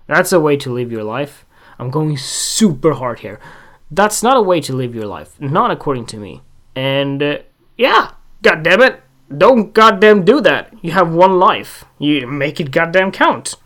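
Rambling, swearing man hosting a solo podcast. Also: a little high. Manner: rambling, emphatic, swears often, asks the listener questions. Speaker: podcast host.

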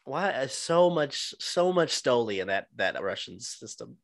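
A man's voice: mid-range voice, very animated, a little slow, no room sound. A man with a mid-range voice, co-hosting a casual podcast chat. He talks in a laid-back, rambling way, full of fillers and profanity. The recording is dry and close-miked. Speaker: podcast co-host.

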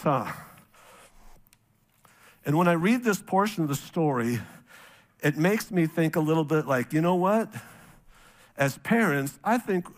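A middle-aged man from North Dakota preaching from the pulpit, with a voice that sits high for a man. He tells stories in a loose, conversational way and breaks into the voices of the people in them. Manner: storytelling, animated, acts out quoted voices. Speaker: pastor. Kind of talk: sermon.

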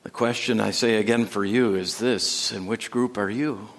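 A man preaching a sermon in a church sanctuary, dramatic, with sudden drops to a hush and rising emphasis. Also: on the low side, steady tone, normal speed. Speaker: pastor.

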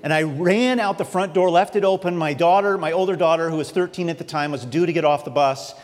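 A man delivers a sermon, slipping into an earnest, animated personal story. His voice sits somewhat high. It rings out with the long reverb of a large hall. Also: brisk. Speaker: preacher.

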